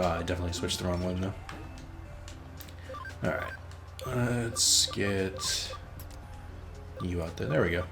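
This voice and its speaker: A man hosting a let's play, rambling casually as he plays, swearing freely and teasing himself. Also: deep voice. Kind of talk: casual gameplay commentary.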